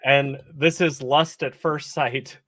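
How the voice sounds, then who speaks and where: Man, player in a tabletop game, slow casual speech, laughs often. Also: medium pitch, steady tone, a bit bright.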